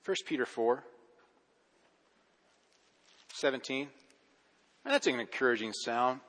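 A male pastor preaching a sermon with rising intensity and dramatic pauses. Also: mid-range voice, animated, a bit bright. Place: church sanctuary. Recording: long reverb of a church hall.

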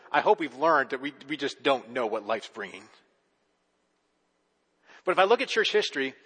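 A man's voice: high-pitched, a bit bright, breathy edge, big-room sound. A male pastor giving a conversational sermon, often repeating and restarting his words.

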